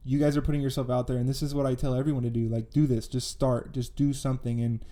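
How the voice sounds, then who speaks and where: Fast-talking young man, dark voice. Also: medium pitch, flat delivery. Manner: earnest, repeats phrases, many fillers. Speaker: guest, business founder. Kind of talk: casual interview talk.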